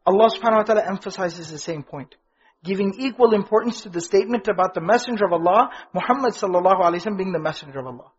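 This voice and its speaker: A man's voice: high-pitched, animated, very fast, breathy edge, highs cut off. A man teaching a religious lesson to an audience in front of him, asking questions and repeating key phrases with stress. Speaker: Islamic teacher. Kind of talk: religious lecture.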